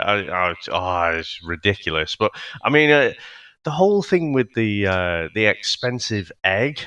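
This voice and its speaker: A man's voice: fairly low pitch, very animated, measured pace, bright, forceful tone, smooth, no room sound. A man co-hosting a podcast, chatting casually about a film with a wry, incredulous manner and frequent laughs. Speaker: podcast co-host. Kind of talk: casual film review chat.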